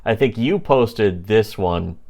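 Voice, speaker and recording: A man's voice: lowish voice, creaky, a little mellow. A man co-hosting a casual comedy podcast about webcomics, rambling with many fillers and briefly mimicking the characters he describes. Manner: rambling, many fillers, acts out comic characters in quick put-on voices. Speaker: podcast co-host.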